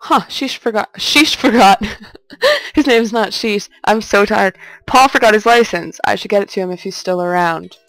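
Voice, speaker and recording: A young woman with a gravelly, fry-laden voice plays through a game and reads its lines aloud. She keeps up a jokey running commentary and talks to herself. The sound is dry and close. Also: medium pitch, moderate pace, fairly bright tone, dry recording. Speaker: let's play host. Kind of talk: casual gameplay commentary, reading game text aloud.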